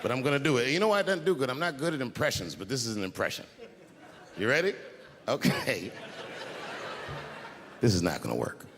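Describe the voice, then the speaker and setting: Stand-up comedian in echoing arena. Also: male voice, mid-range voice, big pitch swings, fairly quick, pauses often. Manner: laid-back storytelling with sudden loud outbursts. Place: large live venue on stage. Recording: echoey arena with crowd noise.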